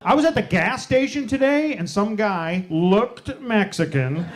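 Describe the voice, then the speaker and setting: Male stand-up comic, fairly high voice, working a loud laughing crowd in an echoey club. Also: lively intonation, very noisy. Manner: punchy one-liners with quick asides to the crowd. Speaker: stand-up comedian. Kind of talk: stand-up comedy and crowd work. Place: comedy club stage. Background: audience laughing and applauding.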